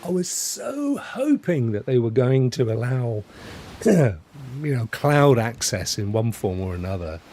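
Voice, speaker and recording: A man's voice: medium pitch, sing-song, unhurried, darkish tone. A middle-aged man hosting a game stream, chatting and rambling as he plays. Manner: chatty, rambling, self-correcting. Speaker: gaming streamer host. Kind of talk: casual gameplay commentary.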